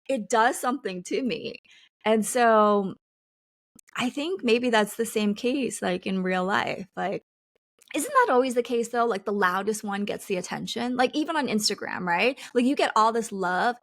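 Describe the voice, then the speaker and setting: A woman's voice: on the high side, dry recording. Chatty woman on a dry close mic. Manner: chatty, laughs often, lots of "like" fillers. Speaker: podcast co-host. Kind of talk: casual chat.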